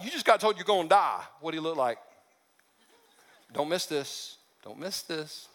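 A man's voice: high voice, fairly bright tone. A man preaching a sermon in a conversational, humorous way, slipping into character voices for the stories he tells. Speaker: pastor. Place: church sanctuary. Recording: long reverb of a large hall.

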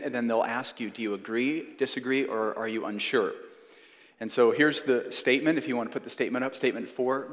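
A man in his thirties preaching a sermon, earnest and emphatic, slowing down to stress key phrases. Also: mid-range voice, a bit bright. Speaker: pastor. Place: church sanctuary. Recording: long church hall reverb.

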